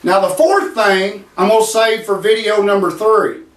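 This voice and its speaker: A man's voice: high-pitched, steady tone, moderate pace. A man talking to camera in a casual instructional way, earnestly explaining step by step, often restarting and checking in with "okay.". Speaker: vlogger demonstrating grip training. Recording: roomy echo, mic at a distance.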